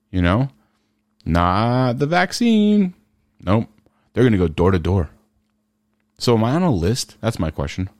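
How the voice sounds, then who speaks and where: A podcast host in casual commentary, ranting sarcastically and firing off rhetorical questions. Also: male voice, low-pitched, a little mellow, dry recording.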